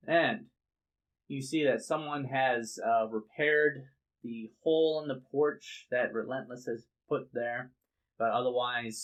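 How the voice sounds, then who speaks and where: Slow, bright-voiced male game master. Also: medium pitch. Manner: easygoing, halting narration with fillers. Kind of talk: narrating a tabletop game.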